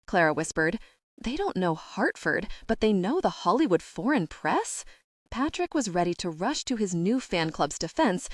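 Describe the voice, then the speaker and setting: Woman audiobook narrator, wry, lively pitch, dry close recording. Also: dry recording. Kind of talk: scripted narration.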